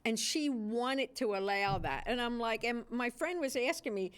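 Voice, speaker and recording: A woman's voice: fairly high pitch, lively intonation, moderate pace, clean tone. A woman, a spiritual practitioner guest, chatting casually and laughing often in a TV studio round table.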